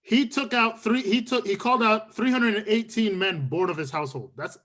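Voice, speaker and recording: A man's voice: high voice, a little fast, a bit bright. A man arguing his point in a casual online game night, insistent and repeating himself to hold the floor. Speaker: game contestant.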